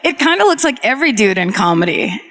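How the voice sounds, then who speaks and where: A woman from Northern California co-hosting a live comedy true-crime podcast, loud and quick with jokes and asides. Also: mid-range voice, sing-song. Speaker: podcast co-host. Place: large theatre stage.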